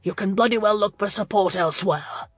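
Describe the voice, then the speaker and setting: A woman's voice: mid-range voice, fairly quick, no room sound, clean studio sound, soft background music, close to an everyday voice. A woman reader voicing a furious older earl who roars and blusters. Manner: angry, blustering delivery.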